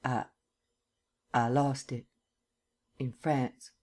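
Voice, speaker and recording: A man's voice: mid-range voice, flat delivery, extremely slow. A man doing a nervous Southern army captain. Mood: tense, guarded. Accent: American Southern. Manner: quiet, hesitant, clipped replies. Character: nervous army captain, tall stiff soldier.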